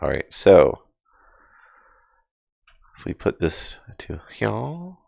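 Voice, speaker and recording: A man's voice: low voice, huge pitch swings, extremely slow, gravelly, darkish tone, dry recording, clean studio sound. A man giving casual live crypto chart commentary, rambling with many fillers and self-deprecating asides. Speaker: crypto market streamer.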